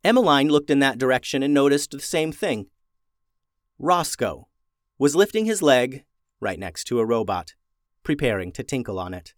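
A man reading a children's adventure story aloud, expressive and slowing down for suspense. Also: medium pitch, dry recording, studio quality.

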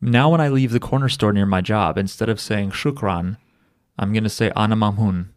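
A man with a lowish voice co-hosts a casual podcast, joking and rambling with plenty of ums. The sound is dry and close, with no room echo. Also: fairly quick. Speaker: podcast co-host.

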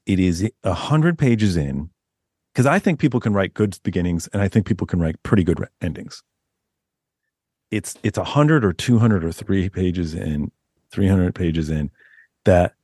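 Low-pitched male author, animated rambling storyteller, dry close sound. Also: no echo. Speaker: author guest. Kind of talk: casual podcast interview.

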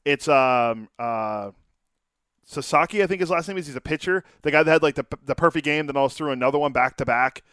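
A man chimes in on a baseball talk show as its producer, with an easygoing, slightly hesitant delivery. His voice is mid-pitched, smooth and clear, and sits close and dry on the mic. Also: a little fast, a bit bright, no room sound.

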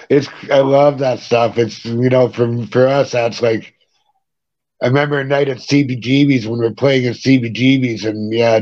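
A middle-aged man, a punk rock singer, talks with a podcast host in an animated, casual way, cussing and chuckling as he tells tales. His voice sits at an ordinary pitch for a man. The recording is dry and dull, with a muffled lo-fi tone. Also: dry recording. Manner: animated, swears, laughs between stories. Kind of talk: casual interview storytelling.

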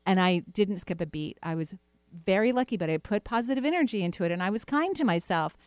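A middle-aged woman hosting a call-in show, gently reassuring a caller with playful asides. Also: medium pitch, expressive, fast talker, clean tone, dry recording. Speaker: radio show host, intuitive healer. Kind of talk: casual advice talk to a caller.

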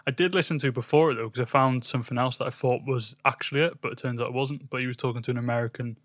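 A man's voice: medium pitch, fairly even intonation, very fast, a bit bright, no room sound, studio quality. A man co-hosting a casual music podcast, rambling and hesitant, with lots of ums. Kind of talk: casual chat.

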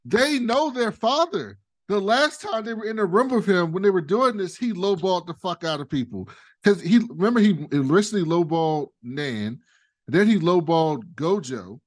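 Give me a man with a slightly high voice, animatedly recapping a TV episode and acting out characters' lines. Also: moderate pace. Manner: animated, laughs often, acts out characters' lines. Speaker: podcast co-host. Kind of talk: casual TV recap chat.

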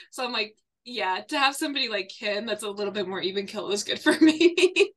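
Bright-voiced woman telling a story. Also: mid-range voice, brisk. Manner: animated storytelling, laughs often. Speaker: online fitness and nutrition coach, guest. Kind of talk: casual podcast chat.

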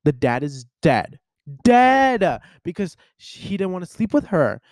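A man's voice: fairly high pitch, normal speed, no echo, studio quality. A young man hosting a podcast, chatting casually and animatedly retelling a story, acting out the people in it. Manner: animated storyteller, acts out voices. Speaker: podcast host. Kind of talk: casual chat.

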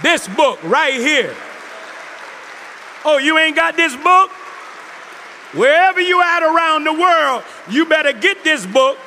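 A man's voice: very high-pitched, expressive, takes it slowly, long pauses, bright, forceful tone, big-room sound, a little hiss or hum. A man, a Muslim minister, preaching to a live audience in an emphatic way and calling out to the crowd.

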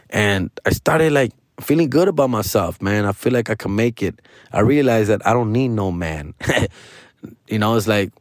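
A man's voice: fairly low pitch, no room sound. Slangy man telling a story, dry sound. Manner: slangy, peppers talk with "dog" and "bro"; switches into Spanish mid-story. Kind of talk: casual storytelling monologue.

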